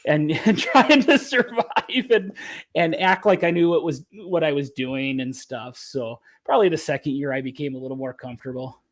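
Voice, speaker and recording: A man's voice: on the high side, moderate pace. A man talking as an interview guest, a caddie reflecting earnestly and often restarting his sentences. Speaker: caddie and author, podcast guest. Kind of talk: casual interview talk.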